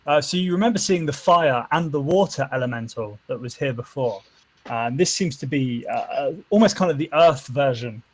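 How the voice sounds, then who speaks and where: A man's voice: medium pitch, animated, brisk, low-quality recording. A man narrating a tabletop game as game master, with many fillers and restarts. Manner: hesitant, full of fillers and restarts.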